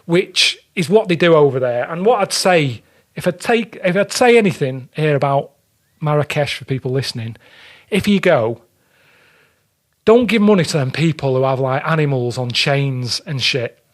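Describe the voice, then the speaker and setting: A man's voice: on the high side, animated, moderate pace. A man, a podcast guest telling blunt, grumbling anecdotes with the odd swear word in casual chat. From England.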